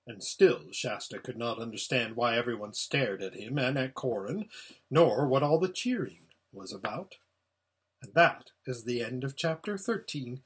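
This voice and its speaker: A man reading a children's novel aloud with expressive, lively storytelling. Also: medium pitch, unhurried, slightly rough. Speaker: audiobook reader. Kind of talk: storybook read-aloud narration.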